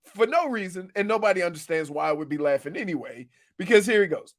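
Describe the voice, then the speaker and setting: A man's voice: high voice, animated, fast talker, hardly any pauses. A man co-hosting a sports radio show, telling jokey stories in casual banter and laughing at his own lines.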